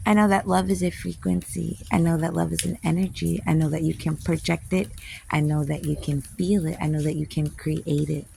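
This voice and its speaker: A woman's voice: sits low, creaky, mellow, a little hiss or hum. A woman poet teaching a casual spiritual class outdoors. She speaks candidly, swears freely, and laughs often. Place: outdoors, with planes passing overhead.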